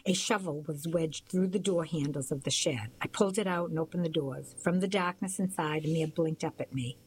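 A woman narrating a first-person novel as an audiobook, in a steady storytelling manner. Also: sits low, fairly quick, breathy edge, rough recording.

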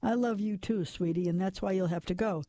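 A man's voice: high-pitched, a little fast, mellow, no echo, studio quality. A man voicing an anxious guilty husband speaking urgently in a storybook reading. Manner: urgent, pleading. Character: anxious guilty man, fleeing killer, tense.

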